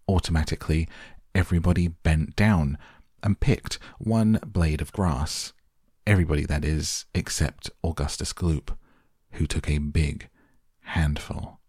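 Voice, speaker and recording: A man with a very deep, husky voice narrates an audiobook in a measured storytelling manner. He is recorded close to the mic in a dry, dead room. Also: fairly even intonation, a little mellow, no echo. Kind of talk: scripted narration.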